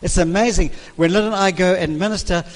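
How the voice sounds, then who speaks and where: A man's voice: high-pitched, a little fast. An older man, a minister, teaching in an emphatic preaching manner and repeating key phrases. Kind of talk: sermon-style teaching. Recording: reverberant hall.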